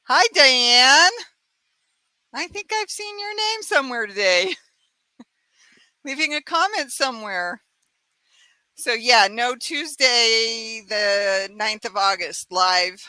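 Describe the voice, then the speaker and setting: A woman's voice: on the high side, lively intonation, slow, pauses often, bright, forceful tone, smooth, dry recording. A woman hosting a casual live-stream chat from home, talking freely and laughing often. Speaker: host.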